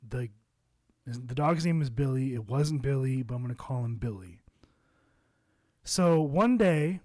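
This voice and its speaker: A man's voice: on the high side, a little mellow, dry recording, studio quality. A man casually telling a personal story to camera, rambling with lots of fillers and cursing. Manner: rambling, loose with curses and fillers. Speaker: vlogger.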